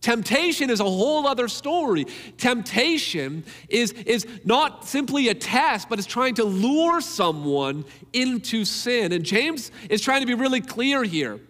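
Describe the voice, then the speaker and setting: A man's voice: very high-pitched, fairly bright tone, in a large hall. A man preaching a sermon in an earnest, emphatic way, repeating key phrases to drive them home.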